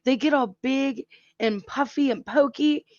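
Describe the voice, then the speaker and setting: Slow, laughing woman hosting a stream. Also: high-pitched, no room sound, muffled recording. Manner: laughs often, chatty. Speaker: livestream host. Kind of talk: casual chat.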